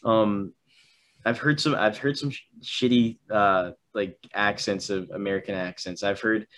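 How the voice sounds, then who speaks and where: A man's voice: fairly low pitch, fairly even intonation, a bit bright. Young man rambling about a film. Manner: halting, many restarts and fillers. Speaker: film discussion co-host. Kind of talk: casual chat.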